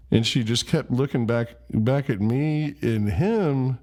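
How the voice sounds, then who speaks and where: A man's voice: mid-range voice, unhurried, hardly any pauses, a little mellow. A man casually telling a rambling, self-deprecating story. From Memphis, USA. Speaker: vlogger.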